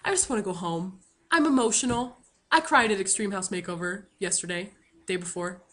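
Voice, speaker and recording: Bright, chatty young-sounding woman telling a story. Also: medium pitch, a little fast. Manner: chatty and self-mocking, many fillers. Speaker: vlogger. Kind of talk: comic storytelling to camera.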